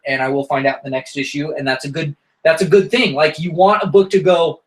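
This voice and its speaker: A man's voice: fairly high pitch, a bit bright, rough recording. A man hosting a casual comics podcast, talking in an enthusiastic, rambling way. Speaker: podcast host reviewing comics.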